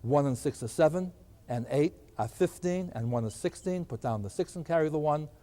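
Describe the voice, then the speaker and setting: A man's voice: fairly high pitch, lively intonation, normal speed, dark tone. An older man teaching arithmetic at a board, asking questions and answering them himself. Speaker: math teacher. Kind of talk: recorded classroom lecture. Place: lecture room at a board. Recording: long hall reverb.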